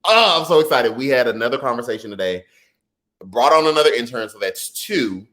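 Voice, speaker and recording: A man's voice: medium pitch, brisk. A man with a Texas twang hosting a casual political livestream, chatting with viewers and stumbling over words now and then. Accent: Texan. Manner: chatty and animated, calls the audience y'all, stumbles over words. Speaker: political commentary livestream host. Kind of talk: casual livestream commentary, reading viewer comments.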